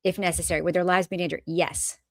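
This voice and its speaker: A woman's voice: fairly low pitch, little pitch movement, fast talker, no echo. A woman with a Fall River, Massachusetts accent, co-hosting a podcast in casual chat, pointed and opinionated, firing off rhetorical questions. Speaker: podcast co-host.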